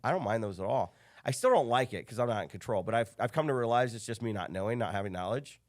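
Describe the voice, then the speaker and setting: Man, quick pace, business coach guest, animated storyteller, quotes people in dialogue. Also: medium pitch. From Chicago area. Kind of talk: casual storytelling interview.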